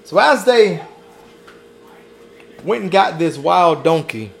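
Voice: mid-range voice, expressive, slow pace, gravelly, long pauses, a little hiss or hum. A pastor preaching a sermon with rhythmic repeated refrains and folksy asides, calling listeners "baby".

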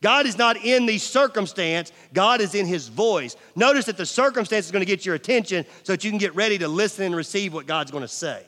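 A middle-aged male pastor preaching a sermon, swinging from loud emphasis to near-whispers and asking the audience questions. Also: high-pitched, animated, a little fast, hardly any pauses. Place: large church hall. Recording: long church hall reverb.

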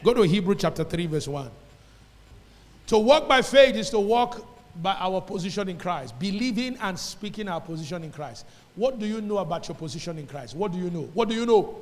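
A Nigerian pastor preaches a fiery sermon in a high, ringing voice, animated and at a normal speed. He drives points home by repeating phrases and dips into pidgin now and then, while a church hall's long reverb trails his words.

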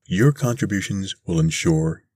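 Low husky male story narrator. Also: moderate pace, a little mellow. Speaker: podcast host and reader. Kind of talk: scripted narration of a short story. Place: mobile studio in a converted school bus.

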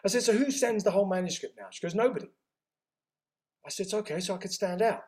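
Animated man telling a story. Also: sits high, slight background noise. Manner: animated, acts out dialogue with quick reported speech. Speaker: interview guest. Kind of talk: storytelling in conversation.

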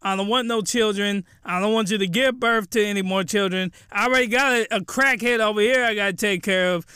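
A man voicing a ranting, angry middle-aged stepfather who yells indignantly. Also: high-pitched, a little fast, clear, resonant tone, dry recording, clean studio sound. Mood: scolding. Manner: yelling, indignant, scolding.

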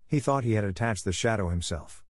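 A man narrating a classic children's story in a measured, even reading. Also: lowish voice, dry recording, clean studio sound.

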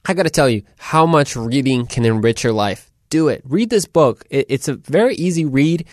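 A man hosting a podcast in casual, rambling chat, animated and full of restarts. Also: mid-range voice, moderate pace, no room sound, clean studio sound. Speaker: podcast host.

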